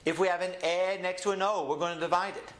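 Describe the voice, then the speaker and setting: A man teaching a recorded language lesson, explaining step by step and repeating words slowly. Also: high voice, steady tone, a bit bright, echoey room. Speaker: Spanish teacher.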